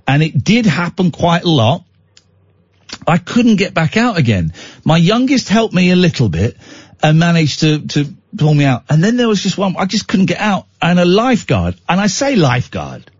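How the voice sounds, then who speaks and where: A man's voice: fairly high pitch, darkish tone, slightly rough, no echo, lo-fi sound. A man hosting a talk radio show, telling a rambling, self-mocking story full of restarts, sounding tired out. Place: radio studio.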